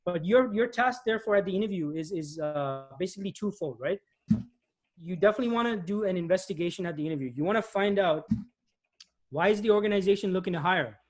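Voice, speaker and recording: A man presenting job search advice in an animated webinar talk, often restarting phrases and acting out customers' lines. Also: sits high, fast. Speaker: guest speaker, IT recruiter.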